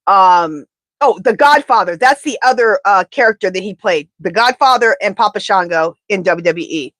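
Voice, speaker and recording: A woman's voice: medium pitch, normal speed, fairly bright tone, dry recording. A woman tarot reader in casual live-stream chat, rambling and talking straight to her viewers.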